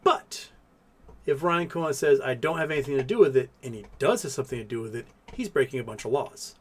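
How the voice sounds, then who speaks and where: A man's voice: medium pitch, a little fast, breathy edge. A man, hosting a casual livestream, rambling through viewer questions with many fillers. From Texas. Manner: rambling, thinks aloud with fillers, coos softly to his cat. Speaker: livestream host reading super chats.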